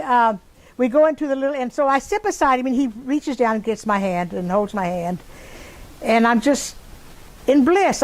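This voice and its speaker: Speaking in a high voice over poor audio, an older Texan woman gives an interview in which she rambles through a personal story. She performs the voices of the people she quotes along the way.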